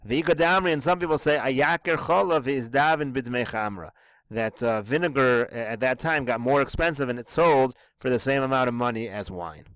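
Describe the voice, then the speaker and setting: A man's voice: medium pitch, brisk, a bit bright, dry recording, rough recording. Dry-voiced man teaching line by line. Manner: reads each phrase in the original, then explains it in English. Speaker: Talmud teacher. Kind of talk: reading and translating a text line by line.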